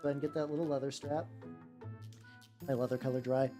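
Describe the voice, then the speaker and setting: A woman's voice: a bass voice, fairly even intonation, quick pace, mellow. A woman streaming while she paints miniatures, rambling casually, swearing freely and greeting her chat by name. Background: faint background music.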